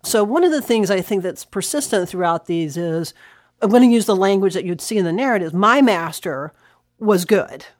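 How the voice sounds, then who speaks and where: A woman explaining historical sources in an animated, conversational way, reading quotations aloud. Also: mid-range voice, a little fast, dry recording, clean studio sound. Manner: animated, reads quotes aloud with laughs. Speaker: historian guest.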